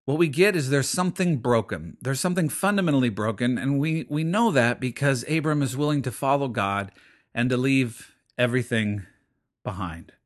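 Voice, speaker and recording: A man's voice: mid-range voice, moderate pace. A middle-aged man preaching a sermon in an earnest, explaining way, with frequent fillers and restarts. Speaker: pastor.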